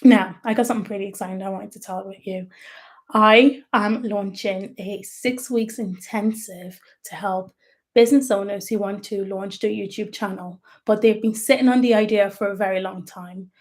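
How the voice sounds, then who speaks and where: A woman of middle pitch gives advice on making videos in a relaxed, conversational livestream. She explains things plainly and leans on certain words for emphasis. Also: moderate pace. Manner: chatty, explanatory, stresses key words. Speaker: YouTube strategist. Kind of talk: livestreamed tips talk.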